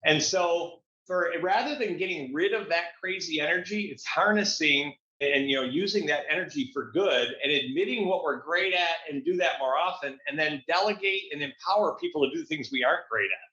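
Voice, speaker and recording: A man's voice: fairly high pitch, expressive, moderate pace, few pauses, bright, forceful tone. A man, a guest business coach, talking in an upbeat, motivational way in a casual interview. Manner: upbeat, motivational, restarts phrases. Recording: echoey, dull lo-fi sound.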